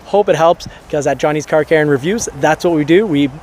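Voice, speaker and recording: A man's voice: on the high side, fairly quick, darkish tone. A man hosting his car channel, talking casually and practically, joking now and then. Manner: chatty, practical, joking asides. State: out of breath after shoveling. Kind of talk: casual outdoor vlog narration. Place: outdoors at a beach by a vehicle. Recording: noisy outdoor recording.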